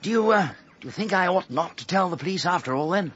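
An actor playing a nervous, excitable young upper-class man in a vintage radio drama, dithering and gushing. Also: high voice, fast talker, breathy edge, heavily acted. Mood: flustered. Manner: dithering, fussy, breathless gushing. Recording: dull old radio recording.

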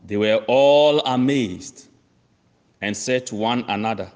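Slow, emphatic preacher in echoing hall. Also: male voice, medium pitch, a little mellow. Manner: slow, emphatic, repeats key phrases; addresses listeners as friends. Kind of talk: sermon. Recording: long reverb of a large hall.

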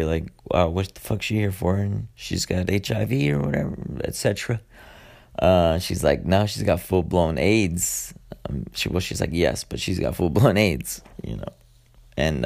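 Young male podcast host, deep gravelly voice, loose and foul-mouthed, lots of ums. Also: a little mellow. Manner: rambling, profane, frequent filler words. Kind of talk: casual solo podcast monologue.

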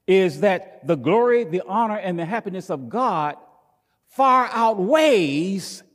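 High-voiced male pastor preaching with emphatic repetition, recorded in a reverberant sanctuary. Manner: emphatic preaching, repeats phrases, rises to near shouting. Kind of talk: sermon.

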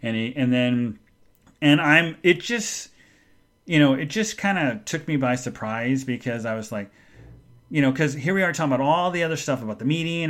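Rambling, emotional middle-aged man. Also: mid-range voice. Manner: rambling, halting, full of restarts. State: emotional, subdued when speaking of his mother. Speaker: podcast host. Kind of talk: personal storytelling monologue.

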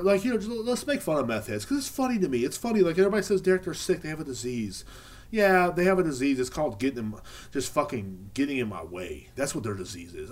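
A man hosting a casual solo podcast, rambling, swearing often and turning sarcastic. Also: medium pitch. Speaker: podcast host.

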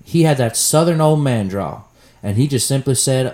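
A man's voice: mid-range voice, normal speed. A man holds forth on football in loose, swearing chat, building into heated rants. His voice sits in the middle range and carries a roomy echo. It sounds like two friends talking in a bare room. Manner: animated, profane ranting. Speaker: podcast co-host. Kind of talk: casual sports chat.

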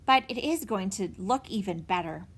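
A woman's voice: mid-range voice, lively intonation, moderate pace, breathy edge. A woman reading aloud voices a confident, practical young girl who speaks firmly.

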